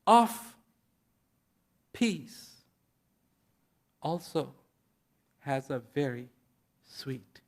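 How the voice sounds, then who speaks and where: A man giving a speech to an audience, slow and deliberate, pausing between short phrases and repeating key words for emphasis. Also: on the high side, very animated. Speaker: invited speaker. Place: event at a large international venue.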